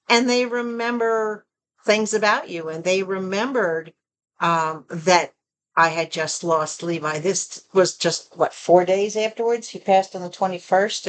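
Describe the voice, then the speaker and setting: A Southern woman talks straight to her camera from her own home in a relaxed, chatty way. Her voice sits in an ordinary middle range. When she gets excited or annoyed, it climbs high and lively. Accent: Southern American. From Southern United States. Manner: chatty and expressive, rising to animated pitch when excited. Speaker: vlogger. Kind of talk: casual chat.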